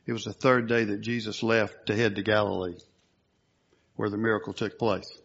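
A man preaching a sermon, earnest and at times forceful, on a dull lo-fi recording. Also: lowish voice, flat delivery, normal speed, slightly rough. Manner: earnest, rising to forceful emphasis.

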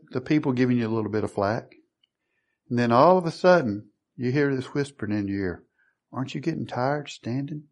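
A man's voice: on the high side, darkish tone. A man preaching a sermon, asking the congregation questions and acting out quoted voices.

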